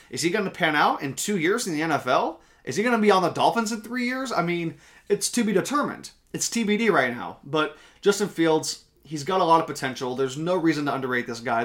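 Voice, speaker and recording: A man's voice: fairly high pitch, fairly bright tone. A young man with a slightly raised voice talks football on a casual podcast. He argues his picks emphatically, sure of his opinions, and swears casually as he goes. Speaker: podcast co-host. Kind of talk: casual sports podcast chat.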